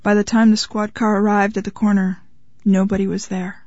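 A woman's voice: mid-range voice, level tone, brisk. Woman reading a short story. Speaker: reader. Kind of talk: scripted narration of short fiction. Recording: slightly muffled, dry.

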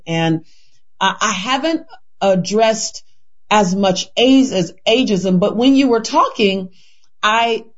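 A woman gives an impassioned interview answer in an earnest voice. She asks rhetorical questions and repeats and restarts words as she builds her point. The recording sounds dull and lo-fi. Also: mid-range voice. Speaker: interview guest.

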